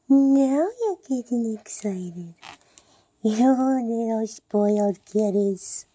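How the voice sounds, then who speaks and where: At home with a handheld camera, a woman films her cats and talks to them in cooing baby talk, often dropping to a whisper. Her voice is on the high side and mellow, very slow, with long pauses.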